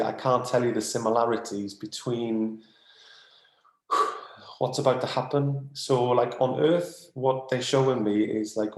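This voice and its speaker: A man channelling in a spiritual session. He talks earnestly and excitably, repeats phrases, sighs often, and sounds overwhelmed as he calms himself down. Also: mid-range voice, reverberant. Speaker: psychic channeller.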